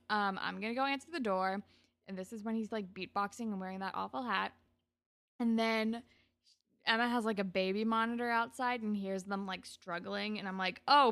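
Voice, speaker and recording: Young woman, casual co-host, chatty and animated, quotes characters as she goes. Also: medium pitch. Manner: chatty, full of "like", acts out characters' lines. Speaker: podcast co-host recapping a TV episode. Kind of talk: casual chat.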